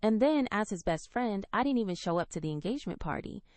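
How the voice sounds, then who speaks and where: A woman narrating a first-person romance story with an emotional, expressive delivery. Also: medium pitch, quick pace, no echo. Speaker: audiobook narrator.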